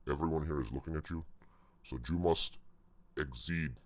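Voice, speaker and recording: A man's voice: very deep voice, normal speed, dry recording. A man putting on a foreign accent to play his brash male restaurant boss, scolding bluntly.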